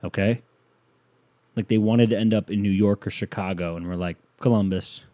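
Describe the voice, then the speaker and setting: Exasperated podcast host ranting, warm low voice. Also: male voice, steady tone, moderate pace. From Northeast Ohio. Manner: exasperated, sarcastic, swearing. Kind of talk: solo comedic podcast rant.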